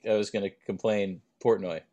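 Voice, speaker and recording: A young man co-hosting a podcast, telling rambling anecdotes and dropping deadpan jokes in casual chat. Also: lowish voice, brisk, dull audio, a little hiss or hum. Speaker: podcast co-host.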